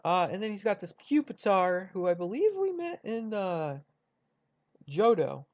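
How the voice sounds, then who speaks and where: A man's voice: high-pitched, big pitch swings, a little slow, a little mellow, lo-fi sound. A young man casually chatting through a ranked list, rambling with many fillers and restarts. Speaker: YouTuber ranking cartoon rivals. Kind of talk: casual commentary.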